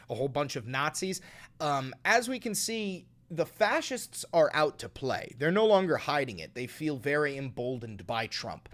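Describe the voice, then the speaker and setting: Guy streaming political commentary, swears a lot, voice bounces all over, slightly high. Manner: animated, profane, reads news aloud then riffs.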